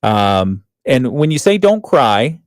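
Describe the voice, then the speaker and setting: A man's voice: mid-range voice, sing-song, takes it slowly, no room sound. Chatty man hosting a radio morning show. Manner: chatty, laughs often, reads headlines aloud. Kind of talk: casual radio banter. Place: radio studio. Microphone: studio microphone.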